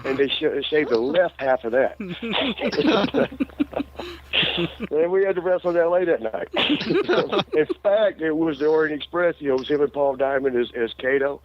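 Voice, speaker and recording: Here the former wrestler, a middle-aged man, spins a long casual tale as an interview guest, laughing, rambling and restarting, with many fillers. His voice is on the high side with lively intonation and a slightly slow pace, in lo-fi radio show audio with slight background noise.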